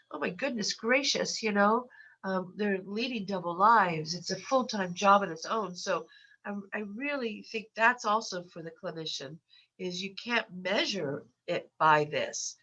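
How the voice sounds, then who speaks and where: A woman's voice: mid-range voice, unhurried, creaky, bright, forceful tone, slightly rough. An older woman with a cold and a stuffy nose, a guest on a podcast interview, speaking with frequent stuttered repetitions and restarts. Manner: stutters with repeated sounds and restarts. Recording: muffled lo-fi audio.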